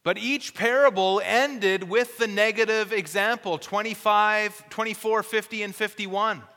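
A man's voice: high voice, fairly even intonation, measured pace, bright, forceful tone, soft background music. A male pastor preaching a sermon, reading scripture aloud and giving earnest, urgent warnings. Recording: long hall reverb.

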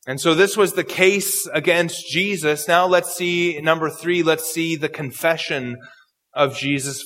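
A man preaching an expository sermon, reading and explaining scripture verse by verse and slowing to quote it. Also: sits high, sharp tone, in a large hall.

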